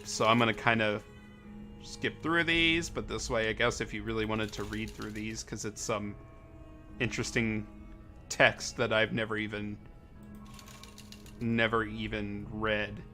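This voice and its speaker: A man's voice: lowish voice, steady tone, measured pace, long pauses, pushed and bright, soft background music. A young man casually commenting on a game during a live stream, rambling, correcting himself and laughing a lot.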